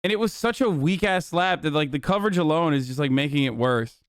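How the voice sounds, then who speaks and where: A young man streaming, reacting casually and profanely to a news clip, animated and incredulous. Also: fairly high pitch, quick pace, clean tone, no echo, clean studio sound.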